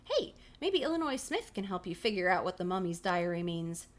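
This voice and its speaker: A woman's voice: on the low side, sing-song, a little fast. A woman livestream host reading a choose-your-own-adventure book aloud, playful, laughing often and casually swearing. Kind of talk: reading aloud with live commentary.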